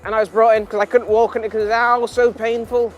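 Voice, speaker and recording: A young Englishman with a high, light voice rambles through a childhood story, laughing at himself and wandering off on tangents. A soft music bed plays faintly underneath. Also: little pitch movement, very fast, lo-fi sound. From England. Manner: self-mocking, laughs often, trails into tangents. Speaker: vlogger.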